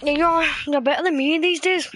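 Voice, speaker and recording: A woman chatting casually with friends while playing a game, teasing them and bursting into excited shouts. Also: high-pitched, brisk, faint music behind. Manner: playful trash talk, bursts of excited shouting. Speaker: gamer streaming with friends. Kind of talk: casual gameplay chat. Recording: noisy background.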